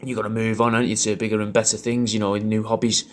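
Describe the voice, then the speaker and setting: A man's voice: on the low side, flat delivery, racing. A man talking in a crude, rambling way, recording a personal video message full of swearing and restarts. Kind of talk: casual rambling monologue.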